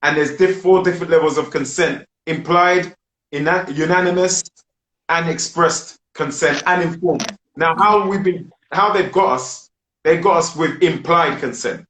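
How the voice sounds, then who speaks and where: A man's voice: fairly high pitch, a little slow, a bit bright. A British man hosting a group discussion, speaking emphatically and asking rhetorical questions. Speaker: discussion host. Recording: roomy with faint noise.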